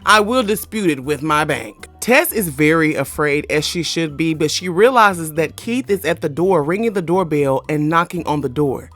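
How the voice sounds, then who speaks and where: A woman retelling a horror film plot in a casual, animated, slangy and profane way, dropping into quick character voices. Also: sits low, faint music behind. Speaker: movie review vlogger. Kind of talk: casual movie recap.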